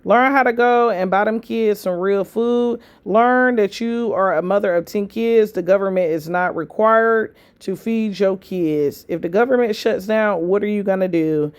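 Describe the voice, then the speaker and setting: A woman's voice: medium pitch, unhurried, hardly any pauses, clean tone. A woman reaction commentator giving blunt, lecturing, scolding commentary.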